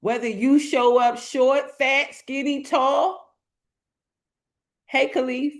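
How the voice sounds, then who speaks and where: Her voice high-pitched and level, a woman preaches to a live online audience as a motivational speaker. She goes slowly and emphatically, repeating phrases in everyday language and shouting out to the chat.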